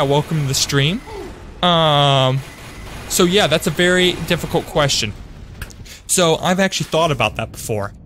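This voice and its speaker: A man's voice: a little high, fairly bright tone, a little hiss or hum. A young man streaming a shooter game live, chatting upbeat with his viewers and greeting them by name, often correcting himself mid-sentence. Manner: self-correcting, trails off with fillers. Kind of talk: live-streamed gameplay commentary.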